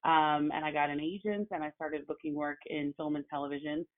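A woman, an actress and journalist, telling her story as a guest in a casual conversation, animated and full of fillers. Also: low voice, a little fast. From Oklahoma. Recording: phone-like narrow sound.

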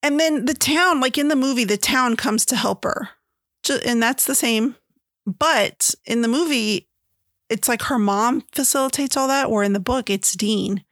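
A woman's voice: fairly high pitch, moderate pace, a bit bright, no echo, clean studio sound. A woman, chatting casually as she compares a book and its movie, retelling scenes with lots of filler words. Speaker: book reviewer. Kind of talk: casual chat.

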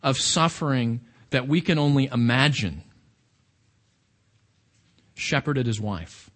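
A man's voice: mid-range voice, expressive, takes it slowly, a bit bright. A man preaching a sermon in a conversational, emphatic way, with rhetorical questions to his listeners.

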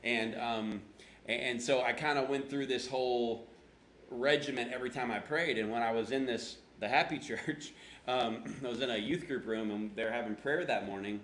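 Speaking at a normal speed in a medium-pitched, fairly bright voice, this pastor preaches in a conversational style. His stories carry self-deprecating humor, and he acts out his own past words. A roomy echo and faint hum sit in the background.

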